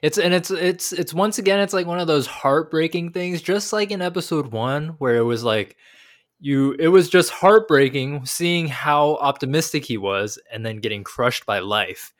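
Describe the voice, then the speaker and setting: A young man co-hosting a casual discussion of an anime episode, rambling and animated with lots of fillers. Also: a little high, moderate pace. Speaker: podcast co-host.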